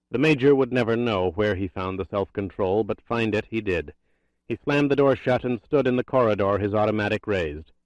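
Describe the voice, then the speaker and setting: A man reading a thriller audiobook in a tense, steady narration. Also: fairly low pitch, no echo, highs cut off.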